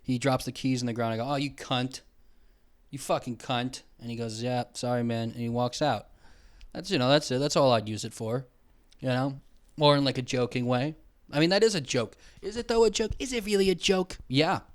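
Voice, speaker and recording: A man's voice: mid-range voice, normal speed. A young man hosting a comedy podcast, ranting in a profane, rambling, sarcastic way, speaking into a mic with headphones on. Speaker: podcast host. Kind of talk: comedic rant. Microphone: headphones and studio mic.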